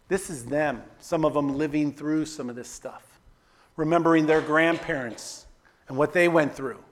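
Man, high voice, pastor preaching, conversational asides, swings loud to soft. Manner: energetic preaching, rising loud on exhortations, dropping soft on quoted prayers; conversational asides with repeated "right?". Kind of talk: sermon.

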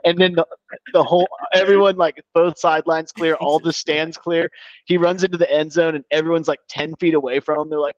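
A man's voice: a little high, a little fast, no echo. Podcast man, easygoing sports chatter, salty language, dry, slightly dull mic. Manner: animated storyteller, swears freely, says "dude". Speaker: podcast co-host. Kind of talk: casual sports chat.

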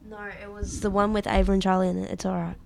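A woman's voice: mid-range voice, little pitch movement, fast, vocal fry. A young woman co-hosting a casual chat podcast, chatty and easily sidetracked. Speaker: podcast co-host.

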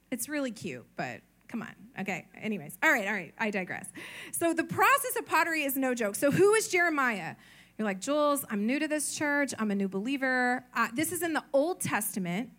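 A woman's voice: on the high side, a bit bright. A woman preaching a sermon at a church service, chatty and playful, often calling on the congregation to answer her.

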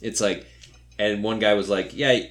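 A man co-hosting a podcast, talking loosely with plenty of ums and likes. His voice sits a bit low, and he slips into quick quoted voices while retelling a story. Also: steady tone, fairly bright tone. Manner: rambling, filler-heavy retelling with playful quoted voices. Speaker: podcast co-host. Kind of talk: casual chat.

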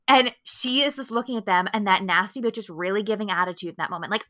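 A young woman co-hosting a podcast in casual chat, animated and profane, often acting out characters' lines. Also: mid-range voice, quick pace, few pauses. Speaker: podcast co-host.

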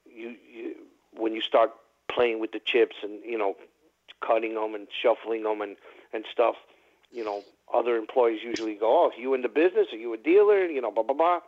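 A man calling into a radio talk show, telling a long story in a rambling, chatty way with many fillers. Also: lowish voice. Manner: rambling, chatty, full of "you know" fillers. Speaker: caller. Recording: tinny phone line.

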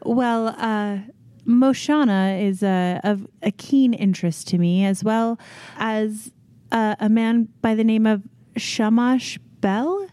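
A woman's voice: fairly high pitch, slow pace, mellow, no room sound. A woman player in a tabletop game, speaking in character in a poised, courtly way. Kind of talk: in-character tabletop role-play.

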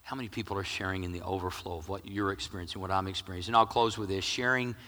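A middle-aged male pastor preaching with jokes, swinging between loud emphasis and hushed near-whispers. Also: sits low, steady tone, rapid-fire, long reverb tail. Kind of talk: sermon.

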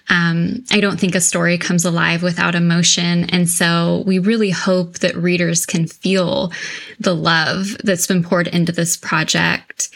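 A woman's voice: fairly low pitch, gravelly, fairly bright tone. A woman co-author in a casual interview, talking chattily with lots of 'like' and 'you know'. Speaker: co-author of a children's book series.

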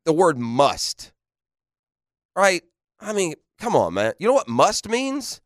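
Playful, laughing sports radio host. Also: male voice, on the high side, slow pace, no echo, studio quality. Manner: playful, laughs often, animated rhetorical questions. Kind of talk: casual sports radio banter. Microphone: studio microphone.

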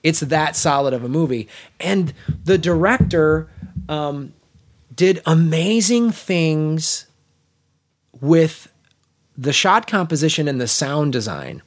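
A man with a fairly high speaking voice co-hosts a casual film podcast. He gushes about a movie he loves, circling back, restarting sentences and filling gaps with ums. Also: animated, takes it slowly, pauses often. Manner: enthusiastic, rambling with many restarts and fillers. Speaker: podcast co-host. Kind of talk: casual film review chat.

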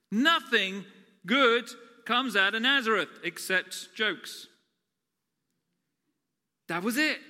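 A man preaches a sermon full of jokes, chatty and teasing, sometimes booming and sometimes dropping soft. His voice sits fairly high and sounds bright and sharp. It rings through the long reverb of a large church hall. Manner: chatty, joking, swings between loud and soft.

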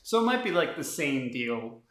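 A man's voice: on the high side, sing-song, normal speed, fairly bright tone. A man co-hosting a podcast, casually explaining comic plot points with lots of filler words. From United States. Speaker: podcast co-host. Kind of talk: casual chat about a comic. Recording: roomy echo.

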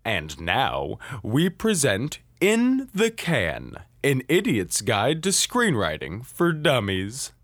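A man announces the episode with slow, drawn-out words and a wildly swooping pitch. Faint music plays under him. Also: huge pitch swings, fairly bright tone. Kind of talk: slow mock-grand announcement.

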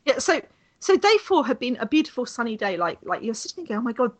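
A woman's voice: a little high, very animated, fast, rough recording. A woman chatting casually about a race, rambling with lots of restarts and fillers. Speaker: cycling reporter. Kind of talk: casual chat.

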